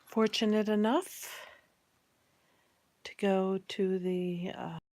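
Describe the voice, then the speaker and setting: A woman vlogging casually about her molds, excited and chatty, sometimes dropping to a near-whisper. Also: medium pitch, takes it slowly, no echo. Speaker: crafts vlogger. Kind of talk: casual chat.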